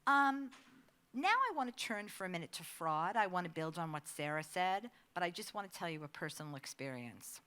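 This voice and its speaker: A middle-aged woman giving a conversational presentation, an animated storyteller who laughs often. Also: on the low side, moderate pace, smooth. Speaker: advocacy staff speaker.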